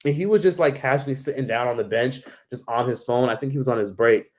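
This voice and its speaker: A man's voice: mid-range voice, fast talker. A man telling a travel story in a casual, rambling way, full of fillers and swearing. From United States. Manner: rambling, heavy on fillers and profanity. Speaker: travel vlogger.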